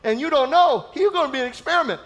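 A male pastor preaching a sermon, emphatic and repetitive, with playful asides and sudden shouted peaks. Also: very high voice, animated, fast.

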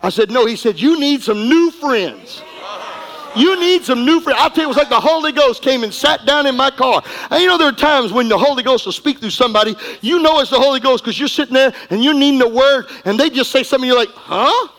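High-voiced preacher, folksy and emphatic. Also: male voice, quick pace, poor audio. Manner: folksy, emphatic, swings from quiet to shouting. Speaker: pastor. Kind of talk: preaching a sermon.

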